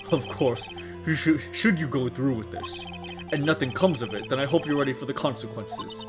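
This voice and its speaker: A woman voicing a smug, cold older male prosecutor who talks slowly and condescendingly. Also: a bass voice, expressive, music in the background. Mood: sneering. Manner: slow, sneering, condescending.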